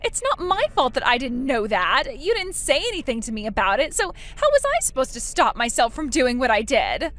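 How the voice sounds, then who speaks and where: A woman's voice: high-pitched, huge pitch swings, moderate pace, few pauses, a bit bright, exaggerated voice. A woman voicing a spiteful, whiny sister-in-law. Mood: pleading. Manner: mocking, pleading by turns. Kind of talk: texting story voice acting.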